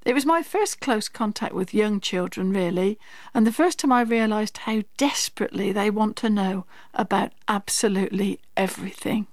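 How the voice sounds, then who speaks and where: A woman's voice: medium pitch, normal speed, dry recording, studio quality. Woman telling a wry anecdote. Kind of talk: recited comic verse.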